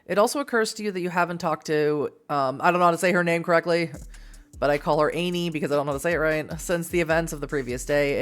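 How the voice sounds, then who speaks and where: A woman from Massachusetts reading an interactive novel aloud as a streamer, giggly and self-deprecating in her chat asides. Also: deep voice. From Massachusetts, USA.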